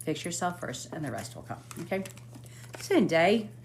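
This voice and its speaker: A woman's voice: fairly low pitch, sing-song, normal speed, slight background noise. A woman hosting a live stream as a psychic medium, reading cards aloud in casual chat, swearing now and then and humming while she scrolls.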